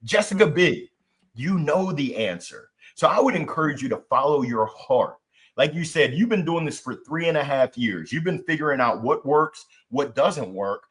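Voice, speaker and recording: An animated man with a slightly high voice that swings up and down in pitch, talking on a live video call. He is a professional speaker giving warm, upbeat advice and often doubles words as he gets going. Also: normal speed. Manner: animated, enthusiastic, repeats words when starting.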